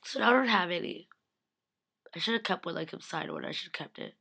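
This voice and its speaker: Young woman, lowish gravelly voice, casual excited recap packed with "like", slips into quoted voices. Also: fast. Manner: gushing, rambling with constant "like"; acts out quotes in shifting voices. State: slightly sick. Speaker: vlogger. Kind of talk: casual recap of a fan convention.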